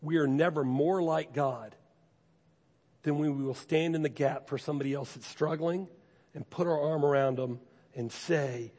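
A man's voice: a little high, fairly even intonation, normal speed, a little mellow. A man preaching a sermon as pastor, speaking earnestly and conversationally, repeating key phrases to urge his listeners on. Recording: long reverb from a large hall.

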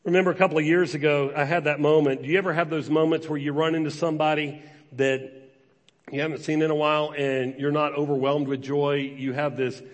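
A man's voice: a little high, little pitch movement, brisk. A man in his forties preaching a sermon, telling a personal story conversationally and acting out the voices in it. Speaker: pastor. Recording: long reverb of a large hall.

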